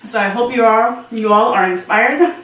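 A woman's voice: on the high side, moderate pace, fairly bright tone. Chatty woman hosting a cooking show. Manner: chatty, addresses viewers directly. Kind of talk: casual cooking demonstration. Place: home kitchen. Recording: roomy kitchen sound, mic at a distance.

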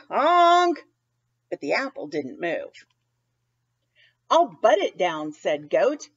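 Woman, children's story reader, expressive, asks listeners questions, very lively pitch, slow pace, muffled lo-fi sound. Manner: expressive, engaging asides and questions to young listeners. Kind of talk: storytime read-aloud.

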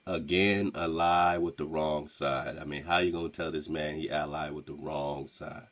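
Man, very low voice, radio host, emphatic interjections, rhetorical questions. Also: fairly even intonation, normal speed, a bit bright. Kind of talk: commentary over a played clip.

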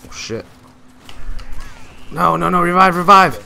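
A young man giving excitable gameplay commentary, trash-talking teammates and swinging between loud outbursts and mutters. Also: high voice, measured pace, gravelly, a little hiss or hum. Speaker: gaming YouTuber.

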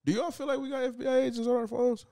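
A young man co-hosting a podcast in casual chat, reacting quickly and animatedly. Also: very high-pitched, steady tone, vocal fry, mellow.

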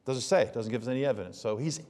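A man preaching a sermon as a pastor, in a conversational style that swings between hushed asides and loud emphasis. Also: mid-range voice, fast, long reverb tail. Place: church sanctuary.

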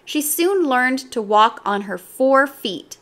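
Brief: woman storyteller, children's book read-aloud, lively and bright-pitched. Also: takes it slowly.

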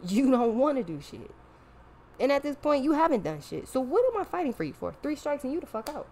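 A woman's voice: sits high, big pitch swings, brisk, a little mellow. A woman hosting a show, talking in a blunt, profane, exasperated casual rant. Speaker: podcast host. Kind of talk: casual ranting monologue.

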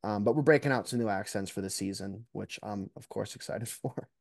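A young man chatting casually as a podcast guest, relaxed and self-deprecating. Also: lowish voice, a little fast, vocal fry, dry recording, studio quality. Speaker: guest, mock trial competitor.

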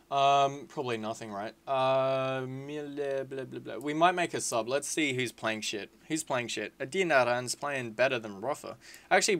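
A man giving casual, excitable gameplay commentary, swearing freely and calling his viewers lads and boys. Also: medium pitch. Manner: excitable, swears a lot, shouts at big moments. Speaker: gaming video creator.

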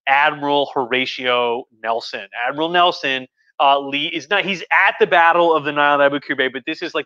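A slightly high-voiced man talks history to his livestream viewers with real enthusiasm. His tone is bright and pushing, and he keeps breaking off to restart his sentences. The audio comes through a bit dull and muffled. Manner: rambling and enthusiastic, many restarts. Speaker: history professor hosting a livestream. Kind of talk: casual lecture on a live stream.

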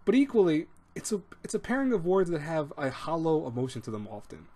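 A man's voice: a little high, very animated, fairly quick, mellow. A man hosting an advice talk, speaking casually and rambling, with restarts and little acted-out quotes. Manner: rambling, repeats words, acts out quoted speech. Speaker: advice show host.

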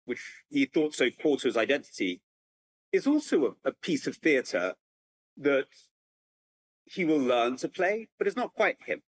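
Animated man giving a lecture. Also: on the high side, rough recording. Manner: lively, animated storytelling with frequent restarts. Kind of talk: public lecture. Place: at home with a computer, remote talk.

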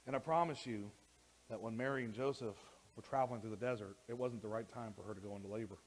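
A man preaching a sermon as pastor in a church, animated, with frequent repeated words and restarts, sometimes rising close to a shout. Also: lowish voice, quick pace, low-quality recording. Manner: animated, rising to near shouting when worked up.

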